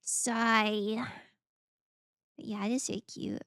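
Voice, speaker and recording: A woman's voice: a little high, expressive, unhurried, gravelly, fairly bright tone, dry recording, studio quality. A woman streamer chatting casually while playing games, bubbly and gushing, laughing often. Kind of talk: casual gaming stream chat.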